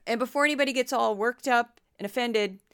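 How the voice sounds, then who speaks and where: A middle-aged Midwestern woman hosts a podcast in a slightly high, fairly quick voice that's a bit bright, clear and resonant. She keeps it chatty and casual, tossing in wry, self-deprecating asides.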